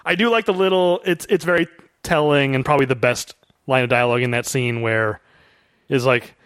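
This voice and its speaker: A young man co-hosting a podcast, chatting casually about a film and breaking into quick voices for the characters. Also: mid-range voice, clear, resonant tone, dry recording, clean studio sound. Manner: animated, acts out movie quotes in character voices. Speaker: podcast co-host.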